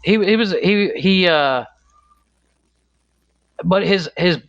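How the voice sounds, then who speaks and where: A man's voice: high-pitched, expressive, takes it slowly, fairly bright tone, dull audio. A man co-hosting a podcast in casual chat, rambling and searching for words. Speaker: podcast co-host.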